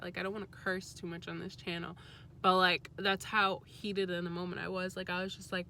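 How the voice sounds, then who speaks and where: A young adult woman vlogger telling a story in a casual, chatty way, candid and quick to swear. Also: on the low side, flat delivery, bright, forceful tone.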